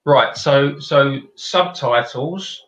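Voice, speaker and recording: A man's voice: mid-range voice, drawn-out words, a bit bright, reverberant, lo-fi sound. A man with a South London accent, a podcast guest giving practical explanations in casual chat. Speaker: guest, video company director.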